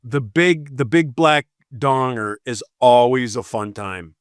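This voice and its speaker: A man's voice: medium pitch, lively intonation, takes it slowly, smooth, dry recording, clean studio sound. A man co-hosting a podcast in easygoing banter, often repeating words as he searches for them. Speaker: podcast co-host. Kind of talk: casual banter.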